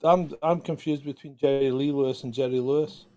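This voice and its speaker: Bantering co-host, swearing freely. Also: male voice, medium pitch, steady tone, a little fast, dark tone. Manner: bantering, swears, tells anecdotes. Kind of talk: casual chat on a live stream.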